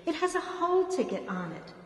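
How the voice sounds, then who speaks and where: A woman's voice: high voice, very animated, moderate pace, pitched above the performer's own voice. A woman reading as a bossy, lying shopper in an echoey hall. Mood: shouting. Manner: bossy, insistent, swinging from wheedling to shouting. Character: pushy, lying middle-aged woman shopper.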